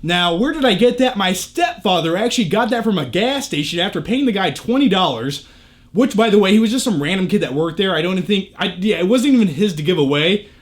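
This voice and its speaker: A man's voice: high-pitched, expressive, fairly quick. A man giving a casual vlog tour of his home theater room, chatty, with joking asides and offhand swearing, recorded on a camera shotgun mic.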